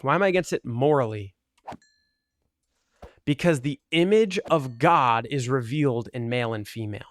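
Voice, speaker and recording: A man's voice: mid-range voice, normal speed, no echo. A man talking earnestly and argumentatively in casual commentary over gameplay, with lots of "like" fillers. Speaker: gaming video creator.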